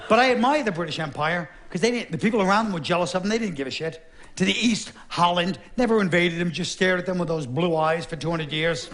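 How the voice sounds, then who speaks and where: A man with a high-sitting, slightly bright voice performs sardonic stand-up to a laughing crowd, speaking quickly in a wry, conversational manner. A little hiss or hum runs under the recording.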